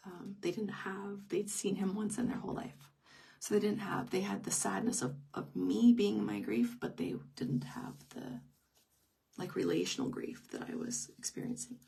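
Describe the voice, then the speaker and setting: A woman's voice: mid-range voice, gravelly, darkish tone, breathy edge, distant mic. A middle-aged woman telling a personal story in an unscripted live stream, intimate and emotional, often dropping to a whisper. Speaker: grief teacher.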